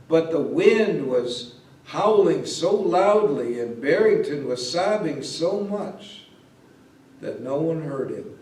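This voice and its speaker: Slow-telling pastor in an echoey hall. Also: male voice, a little high, animated. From Ohio, USA. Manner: slow, gentle storytelling. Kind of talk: reading a Christmas story aloud. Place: church or parish hall. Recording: roomy echo, mic at a distance.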